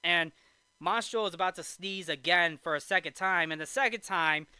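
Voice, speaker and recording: A man's voice: high-pitched, moderate pace, sharp tone, smooth, dry recording. A man hosting a movie review show, casually recapping a film in a rambling way with restarts and asides.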